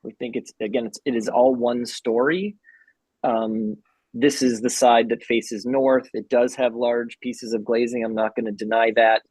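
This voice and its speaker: A man's voice: mid-range voice, level tone, darkish tone, breathy edge, dry recording, low-quality recording. Man presenting plans at a town meeting. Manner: earnest, halting with restarts. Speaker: architect presenting to a commission.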